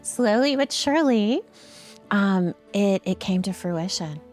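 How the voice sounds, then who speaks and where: A woman telling a heartfelt story in an interview, earnest and halting, with frequent ums and restarts. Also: mid-range voice, animated, a little mellow, soft background music. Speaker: nonprofit founder and guest.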